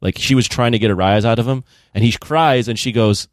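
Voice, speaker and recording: A man's voice: medium pitch, brisk, no room sound, clean studio sound. A man co-hosting a casual movie review podcast, retelling scenes in a rambling way with lots of restarts. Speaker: podcast co-host.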